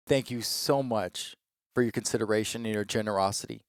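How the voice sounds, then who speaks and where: A man's voice: lowish voice, brisk, dry recording, clean studio sound. A man giving a spiritual reading, talking to listeners in a reassuring, repetitive, coaxing way.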